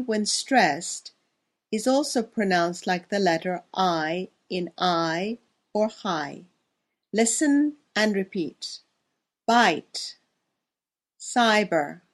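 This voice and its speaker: A woman teaching English pronunciation on a podcast, reading word lists slowly and clearly for listeners to repeat. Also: mid-range voice. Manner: slow, careful, clearly enunciated word lists. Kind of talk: pronunciation drill lesson.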